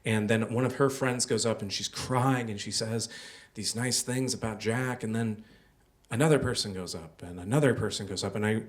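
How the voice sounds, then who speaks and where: A young man tells a personal story live on a small theater stage. His voice sits at an ordinary middle pitch, and he speaks through a stage microphone. He keeps it loose and conversational, with plenty of "like" and "uh" along the way. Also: a bit bright. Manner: conversational, filler-heavy with many "like" and "uh".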